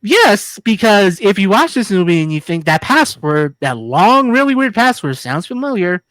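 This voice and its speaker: A woman with a mid-range voice co-hosts a film review podcast, with no echo on the recording. She talks casually, rambling, joking and being crude, with many restarts.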